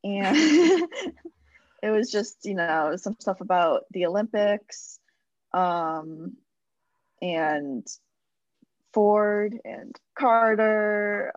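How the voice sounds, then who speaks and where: A woman's voice: mid-range voice, expressive, extremely slow, pauses often, no room sound. A woman co-hosting a casual chat, speaking hesitantly with lots of fillers. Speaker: podcast co-host. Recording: dry, dull lo-fi sound.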